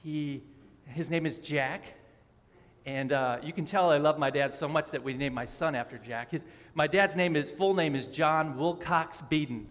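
Male preacher, 30s, light teasing banter with the pews, slightly high voice, long church reverb. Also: normal speed, a bit bright. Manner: friendly, joking with the congregation. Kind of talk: sermon. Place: church sanctuary.

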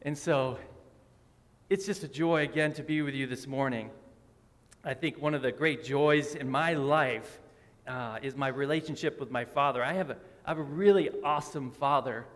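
A man's voice: medium pitch, moderate pace, a bit bright. A man preaching a sermon in a church, friendly and joking with the congregation. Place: church sanctuary. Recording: long hall reverb.

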